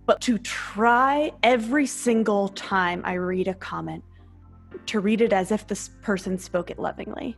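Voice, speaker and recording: A woman's voice: mid-range voice, a little slow, gravelly, slightly rough, faint music behind. A woman speaking earnestly and with self-awareness in a group conversation, explaining a personal practice. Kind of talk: reflective conversation.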